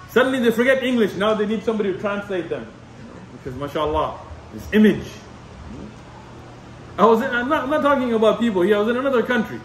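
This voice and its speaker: A man's voice: sits high, lively intonation, brisk, pauses often, a little hiss or hum. A man giving an Islamic lecture in a conversational, repetitive way, sprinkling in Arabic terms. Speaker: imam lecturer. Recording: echoey room, mic at a distance.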